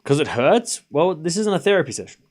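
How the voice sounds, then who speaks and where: A man's voice: fairly high pitch, big pitch swings, brisk. A young Australian man streaming live tennis commentary, calling points and bantering with his chat. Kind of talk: live watchalong commentary, chatting with viewers.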